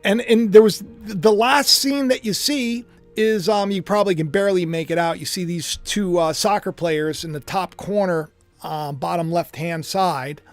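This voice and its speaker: A man's voice: sits high, steady tone, moderate pace, dry recording, faint music behind. A man hosting his own channel, talking to viewers in a rambling, conversational way, full of restarts and asides. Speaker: host. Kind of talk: casual speculative monologue.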